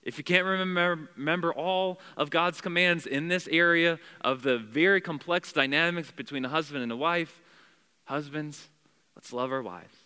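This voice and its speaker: A male pastor preaching to his congregation in a church, his voice bright and forceful and sitting a little high for a man. He hammers points home with repeated phrases and direct commands, then drops into casual asides. A long reverb from the hall trails each line. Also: normal speed, smooth. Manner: conversational asides and self-corrections. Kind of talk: sermon.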